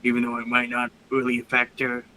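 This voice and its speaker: A man playing in a tabletop game, speaking slowly and hesitantly. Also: mid-range voice, completely flat delivery, pushed and bright, slight background noise, rough recording. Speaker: player. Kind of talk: casual chat at a tabletop game.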